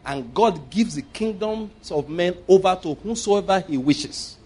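Middle-aged Nigerian preacher, slightly high voice, storytelling sermon, loud points then quiet asides. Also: male voice, lively intonation, measured pace, breathy edge. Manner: anecdotal, swings between loud emphasis and quiet asides.

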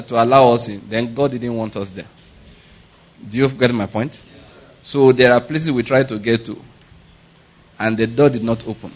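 A man delivers a sermon in a storytelling way. He slips into pidgin for anecdotes. He keeps turning to his listeners to ask whether they understand. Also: medium pitch. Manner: animated storytelling with pidgin asides, laughing; repeats questions to the congregation. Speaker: pastor.

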